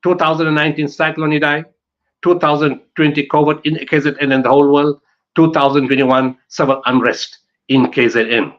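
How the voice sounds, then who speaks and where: A man's voice: on the high side, little pitch movement, brisk, lo-fi sound. A man from South Africa giving an emphatic conference talk on disaster management, building his points through repetition and rhetorical questions.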